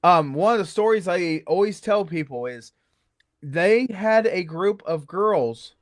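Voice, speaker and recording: A man talking as a guest about working haunted attractions, telling stories with playful swings between high and low voices. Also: animated, a little slow, dry recording, studio quality. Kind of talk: animated storytelling chat.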